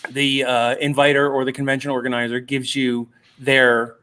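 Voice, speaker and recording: A man's voice: mid-range voice, flat delivery, moderate pace, pushed and bright, smooth. A man telling convention stories in a casual chat, self-deprecating, with many fillers and acted-out quotes. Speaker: guest comic artist.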